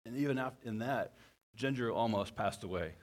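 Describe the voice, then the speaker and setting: A man preaching a sermon as a pastor, halting and often repeating his words. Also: medium pitch.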